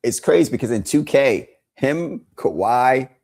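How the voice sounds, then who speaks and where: A man co-hosting a sports podcast, excitable in casual chat, often restarting his sentences. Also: medium pitch, unhurried. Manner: excitable, lots of restarts and laughter. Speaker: podcast co-host.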